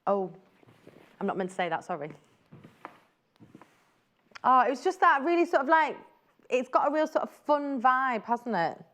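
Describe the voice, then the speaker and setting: A woman's voice: sits high, big pitch swings, moderate pace, long pauses, fairly bright tone. A woman presenting fabrics on a live shopping channel, chatty and gushing as she exclaims over each print. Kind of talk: live TV selling chat.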